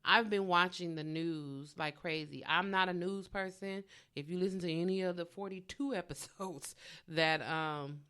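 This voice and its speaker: A woman's voice: on the low side, moderate pace, fairly bright tone, clear, resonant tone. A woman hosting a podcast alone, ranting casually and bluntly, swearing freely. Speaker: podcast host. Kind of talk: casual solo podcast rant.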